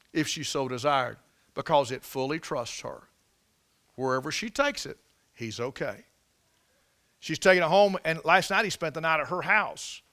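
Folksy preacher man, bright voice. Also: fairly high pitch. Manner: folksy storytelling, repeats and restarts phrases; builds to emphatic peaks on scripture. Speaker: pastor. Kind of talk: sermon.

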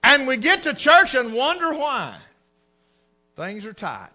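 A middle-aged man, preaching a humorous sermon in a folksy storytelling way, swinging between loud and hushed. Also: very high voice, big pitch swings, unhurried.

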